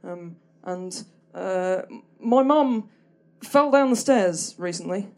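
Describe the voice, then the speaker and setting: A woman's voice: mid-range voice, animated, takes it slowly. A young woman telling a stand-up story on stage, hesitant and rambling, full of ums and restarts, with a dry, self-deprecating humour. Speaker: stand-up performer. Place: small comedy venue stage.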